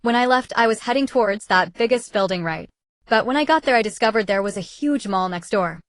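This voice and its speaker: A woman's voice: mid-range voice, expressive, a little fast, no echo, studio quality, natural voice. A woman voicing a reckless young woman who pleads and makes excuses to her best friend, in an audiobook. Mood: pleading.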